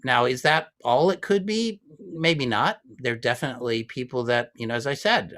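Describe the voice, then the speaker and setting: A man's voice: medium pitch, pushed and bright. A man in his fifties, a guest violinist, explaining ideas in a casual discussion, thoughtful and rambling with frequent restarts.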